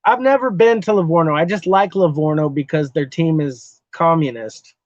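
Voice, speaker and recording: A man from Texas with a fairly high voice talks loosely to his stream chat, swearing freely and breaking into laughs as he rambles from one comment to the next. The sound is dull and lo-fi, dry and close with no room around it. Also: moderate pace, no room sound. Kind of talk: casual live-stream chat.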